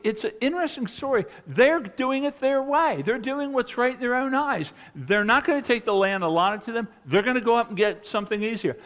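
A man preaching a sermon as a pastor, retelling a scripture story with lively emphasis and dropping to quiet, earnest moments. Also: high voice, big-room sound. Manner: animated storytelling preacher, swinging between loud emphasis and quiet earnest passages.

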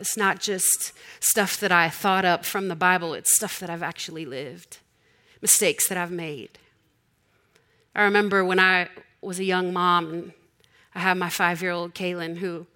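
A woman's voice: fairly low pitch, a bit bright. A woman in her forties preaching a sermon, telling stories in a conversational, humorous way.

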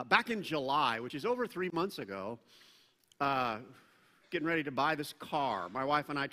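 A man's voice: mid-range voice, sharp tone, in a large hall. A middle-aged man preaching a sermon as pastor, conversational, with joking asides and bursts of emphasis.

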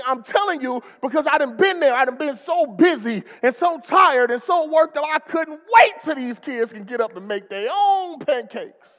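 A man's voice: very high voice, a bit bright, long reverb tail. A male pastor preaching a rousing sermon in a church, calling for responses from the congregation.

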